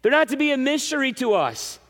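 A man preaching a sermon to his congregation in an animated way, with frequent "right?" asides. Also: extremely high pitch, fairly quick. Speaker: pastor. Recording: reverberant hall.

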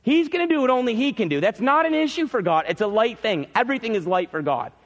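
A male pastor preaching a sermon in a church, emphatic, repeating key phrases and swinging between loud peaks and quiet drops. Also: very high-pitched, expressive, fast talker, long reverb tail, highs cut off.

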